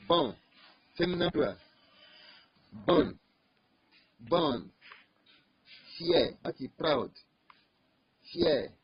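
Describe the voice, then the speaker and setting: Husky man teaching slowly with repetition. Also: fairly high pitch. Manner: slow, repeats each word several times. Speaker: French teacher. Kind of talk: online language lesson. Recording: dull lo-fi recording.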